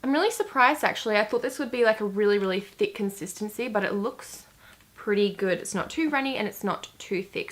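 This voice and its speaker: A young woman, chatting casually through a makeup tutorial and full of "like"s. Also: fairly high pitch. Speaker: beauty vlogger.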